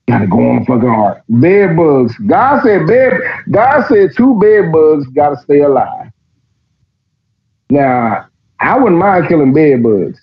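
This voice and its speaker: A man's voice: a little high, husky. A man, podcast host, reading scripture aloud and mocking it in a casual, profane way. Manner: profane, mocking, reads passages aloud then riffs. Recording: dull lo-fi recording.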